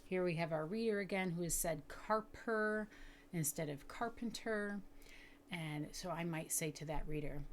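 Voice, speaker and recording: A woman teaching educators reading techniques, explaining patiently and slowly sounding out words with careful enunciation. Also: lowish voice, slight background noise. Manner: clear, deliberate enunciation of sounds. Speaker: literacy teacher. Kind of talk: instructional video for educators.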